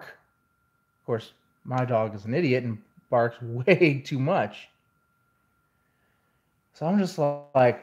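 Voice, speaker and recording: A man's voice: medium pitch, lively intonation, takes it slowly, pauses often. A man venting in a casual vlog, telling a rambling story in an exasperated way. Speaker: vlogger.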